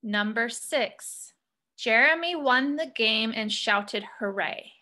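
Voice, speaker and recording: A woman teaching young students about punctuation reads example sentences slowly and asks questions to draw out answers. Her pitch is fairly high, and her tone is bright and forceful.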